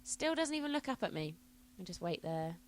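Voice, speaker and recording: A woman's voice: on the low side, very animated, a little fast. A young woman, a guest on a casual podcast, telling stories animatedly and swearing now and then. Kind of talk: casual chat.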